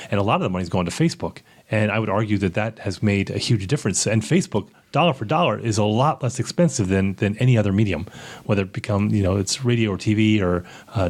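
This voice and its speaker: A man with a Maryland accent co-hosting a podcast, quick and argumentative, often restarting his sentences. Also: lowish voice, a little mellow. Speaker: podcast co-host. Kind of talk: casual political chat.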